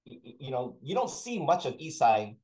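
A man in a relaxed interview, spinning a long personal story in a chatty, rambling way. His voice sits at an ordinary middle pitch, and he doubles back on his words as he goes. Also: normal speed, rough recording. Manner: chatty, rambling anecdotes with frequent restarts. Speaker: talent sourcer, podcast guest.

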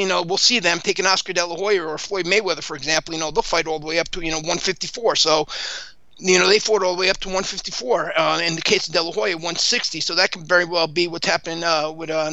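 A man's voice: on the high side, pushed and bright, dry recording, poor audio. A man hosting a boxing talk show, rambling casually with many fillers and restarts.

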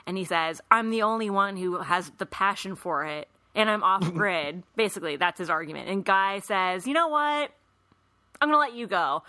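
Brief: woman podcast host, bright and crisp tone, dry close sound, laughs easily while recapping. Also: lowish voice, no echo. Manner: laughs often, retells scenes with quoted lines. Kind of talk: casual chat.

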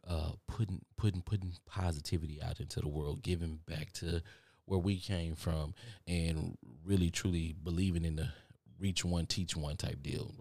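Texan male podcast host, low and gravelly, preachy and repetitive, dry sound. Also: darkish tone, dry recording. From Texas. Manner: rambling, repeats phrases, preachy. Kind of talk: motivational monologue. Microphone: studio microphone.

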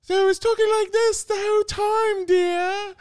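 A prim, fussy lady of the house in a shrill falsetto, as a man puts her on. She talks with genteel airs, and the recording is dry and close. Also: level tone, normal speed, no room sound.

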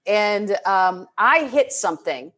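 A middle-aged woman coaching and chatting in an expressive, animated way, often restarting her sentences. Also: mid-range voice. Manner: expressive and animated, quick to laugh, frequent restarts. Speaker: transformational leadership coach. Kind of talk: casual podcast conversation.

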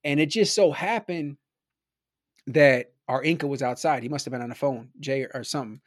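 On a podcast, a guest from Milwaukee, USA, rambles through a casual story, leaning heavily on "like" and "right?". His pitch is medium and his pace moderate, and the studio-quality audio has no echo.

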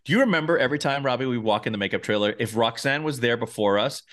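A man co-hosting a podcast, chatting casually, animated and jokey, sometimes playfully defensive. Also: medium pitch, fast talker. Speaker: podcast co-host. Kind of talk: casual chat.

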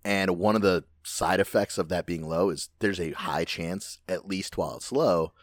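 A man's voice: sits low, moderate pace, no echo. A man in casual chat, rambling through a story and swearing freely.

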